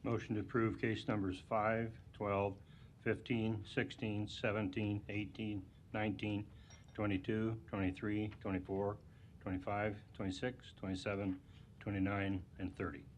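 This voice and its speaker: A man on the board reads a motion, listing case numbers in a flat, lowish voice with very little movement in pitch. Faint room sound lies under him. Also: unhurried, slight background noise. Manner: reads a list of case numbers in a steady monotone. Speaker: board member.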